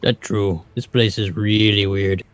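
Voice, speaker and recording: A man's voice: fairly low pitch, steady tone, measured pace, close to an everyday voice. A man playing an eager, dim-witted ogre in a tabletop game, stammering often. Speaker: player.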